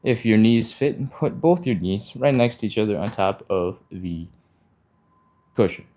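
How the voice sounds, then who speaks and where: Mellow-voiced man coaching a live stretch. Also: lowish voice, animated, unhurried. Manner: talks while exercising, breathy exertion sounds and sighs; encouraging, casual, reads viewer comments aloud. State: a little out of breath. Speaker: stretching instructor. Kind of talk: live follow-along workout instruction.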